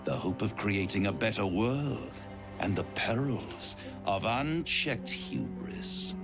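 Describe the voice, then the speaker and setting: A proud devil, game villain, deep, gravelly, swoops wildly in pitch. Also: male voice, a bit bright, full character voice. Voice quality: deep gravelly theatrical drawl. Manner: grand, relishing, mocking delivery. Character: ancient scheming male devil, silver-tongued and proud. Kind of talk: video game voice acting. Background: game music.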